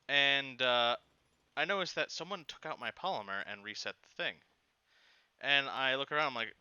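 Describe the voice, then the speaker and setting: A man's voice: medium pitch, normal speed, smooth, no room sound, dull audio. A young man rambling through an annoyed personal story in casual chat, with lots of fillers. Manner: rambling, animated, exasperated retelling with many fillers. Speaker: gaming channel host telling a personal story.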